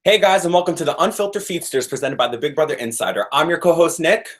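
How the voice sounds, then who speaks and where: A man's voice: a little high, quick pace. A male co-host ranting in casual chat and swearing heavily.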